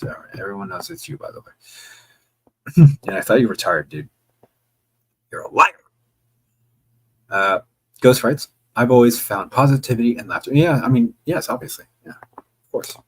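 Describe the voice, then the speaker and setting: A male streamer reads his viewers' chat messages out loud and answers them offhand, joking and cursing now and then. His pitch swings widely through the lines, and his voice has a rough, gravelly husk. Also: poor audio. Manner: casual, joking, with occasional swearing. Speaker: livestreamer. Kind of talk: reading viewer chat aloud on a livestream.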